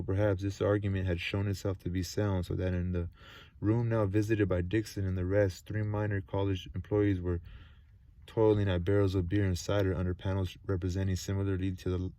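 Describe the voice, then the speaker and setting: A man's voice: lowish voice, dark tone, no room sound. A man reading a novel aloud at home, stumbling over words and stopping for chatty asides. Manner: halting reading with restarts and stumbles; chatty asides between passages. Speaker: amateur reader. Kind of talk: casual read-aloud of a novel.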